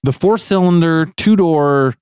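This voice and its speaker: A man's voice: fairly high pitch, measured pace, clean tone, no echo, studio quality. A man telling a long story in casual chat on a podcast, laughing often and acting out what people said. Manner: animated, laughs often, acts out quotes.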